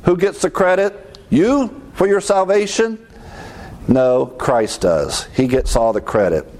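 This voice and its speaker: A man's voice: a little high, slow pace, a little mellow, rough recording. A man preaching a sermon, explaining scripture and asking his listeners questions before he answers them himself. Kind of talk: sermon teaching with illustrations.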